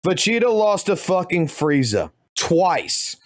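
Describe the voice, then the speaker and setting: High, animated swearing male streamer. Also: takes it slowly, no room sound, clean studio sound. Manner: heated, swears constantly. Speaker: game streamer. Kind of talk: profane gaming rant.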